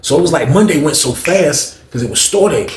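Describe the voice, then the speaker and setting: A man telling a story casually, animated and slangy, acting out the quotes. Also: on the high side, a little fast, background noise. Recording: roomy echo with faint ambience.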